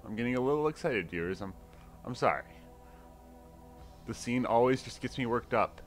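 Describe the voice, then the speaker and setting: A man commentating his game playthrough casually, reacting aloud with excited exclamations. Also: medium pitch, normal speed, soft background music. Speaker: let's play host.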